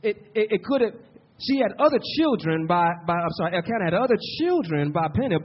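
A man's voice: sits high, slightly rough. A man preaching a sermon, repeating words for emphasis and calling out to the congregation. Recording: muffled lo-fi sermon recording.

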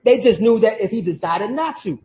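A man preaching a sermon in a conversational style, pausing for call-outs from the congregation. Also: sits high, expressive. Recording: roomy, dull lo-fi sermon audio.

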